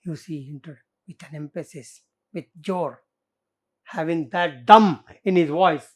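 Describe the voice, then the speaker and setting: A woman's voice: deep voice, measured pace, darkish tone. A woman teacher with an Indian English accent explaining a play line by line in a literature lesson. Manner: explanatory, reads scenes aloud and comments.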